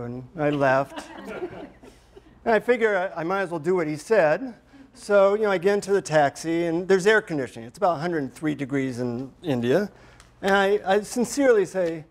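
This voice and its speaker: A man speaking to a group in a somewhat high voice, loose and joking. He rambles through his story with lots of ums and uhs. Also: moderate pace. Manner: humorous, chatty, many fillers. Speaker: workshop speaker. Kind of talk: storytelling talk to a live group.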